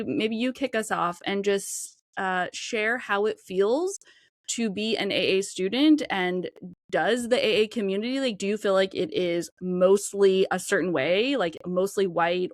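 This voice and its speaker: A woman hosting a podcast interview, speaking in an empathetic, gently probing way. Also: mid-range voice, moderate pace, dry recording, studio quality. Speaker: podcast host.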